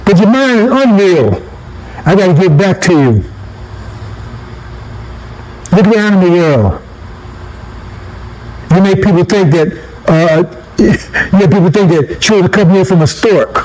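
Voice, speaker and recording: A man's voice: sits high, lively intonation, a little slow, long pauses, a little mellow, low-quality recording. A man giving a casual street-style sermon, talking conversationally, repeating himself, chuckling and checking in with listeners with "right?". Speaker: preacher.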